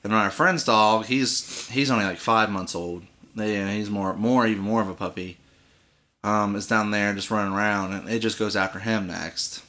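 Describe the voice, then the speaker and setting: A man with a lowish, bright, forward voice, chatting casually. He tells a profane, rambling story full of restarts and "like"s. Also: fairly even intonation, normal speed. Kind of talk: casual chat.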